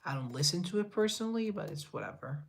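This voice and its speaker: A man's voice: high voice, very animated, fast talker, creaky. A young man from Colombia chatting casually on a live stream, reading viewer comments and rambling in a self-deprecating way. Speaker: livestreamer and musician.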